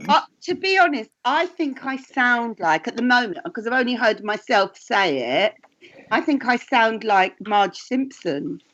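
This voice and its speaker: A woman's voice: on the high side, animated, measured pace, a bit bright. Chatty English woman, muffled sound. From England. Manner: chatty, rambling with restarts and asides. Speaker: tarot reader and actress, co-host. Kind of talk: casual chat.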